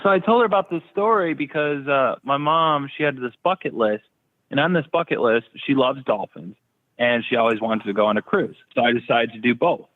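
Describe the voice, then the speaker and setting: A man's voice: mid-range voice, a little fast. A man telling stories as an interview guest in a casual, blunt way, with crude humor. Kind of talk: casual storytelling. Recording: thin phone-like line.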